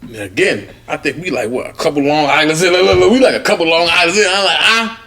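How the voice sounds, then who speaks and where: A man tells a story in a raised, fairly high voice. He is animated and profane, and he keeps slipping into quick voices for the people in his story. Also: a crowd in the background. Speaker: podcast co-host. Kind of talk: casual storytelling chat.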